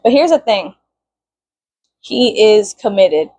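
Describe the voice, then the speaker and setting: A woman's voice: mid-range voice, very animated, slow, darkish tone, no room sound. A young woman vlogging casually, venting with lots of swearing and bursts of mock-outraged shrieking.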